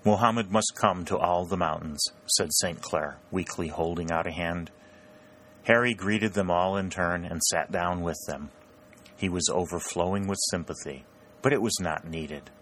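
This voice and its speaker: A man with a very low voice reads a story aloud. His delivery is measured and steady, and he gives each character a light touch of their own voice. A faint hiss sits behind the recording. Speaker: audiobook narrator. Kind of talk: scripted narration.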